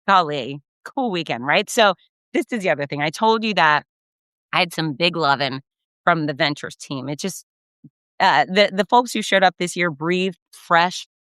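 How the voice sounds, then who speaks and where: A middle-aged woman, a race announcer, telling effusive, animated stories in a casual recap and acting out the quotes. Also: lowish voice, clear, resonant tone, no echo. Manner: effusive, animated storyteller who acts out quotes. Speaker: race announcer and podcast host.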